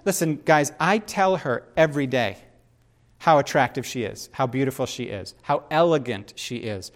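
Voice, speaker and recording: A middle-aged man preaching in an animated, conversational way and often turning to his listeners with asides. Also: mid-range voice, moderate pace. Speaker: pastor. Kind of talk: sermon.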